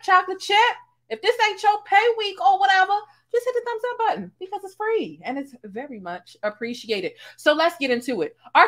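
A woman's voice: on the high side, a bit bright. A woman hosting a casual live-stream commentary, talking to viewers in an emphatic, slangy way. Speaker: host of a commentary livestream.

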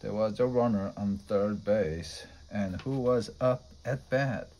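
A man reading a children's story aloud in a steady, plain way. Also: on the low side, slow, rough recording. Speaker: storybook reader.

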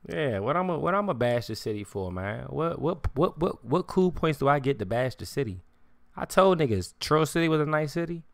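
A man's voice: fairly high pitch, very animated, normal speed, gravelly, no room sound. A man ranting on a live stream in casual street slang, swearing often and repeating "you hear me". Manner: repetitive, keeps saying "you hear me", swears freely; slang-heavy street talk.

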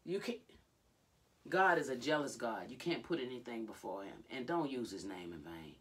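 A woman vlogger gives animated, dramatic commentary on a reality show, breaking off to call out to the Lord. Her voice rises and falls widely. She sits a bit back from the microphone, so she sounds slightly distant. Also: a bass voice, moderate pace, slight background noise. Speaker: life coach and vlogger.

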